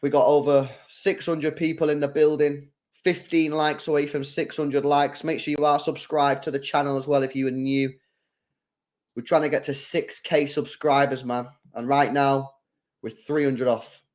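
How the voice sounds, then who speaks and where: A man, giving live commentary and chat to his viewers while watching a football match as an excitable fan. His voice swings from loud shouts down to low mutters. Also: measured pace.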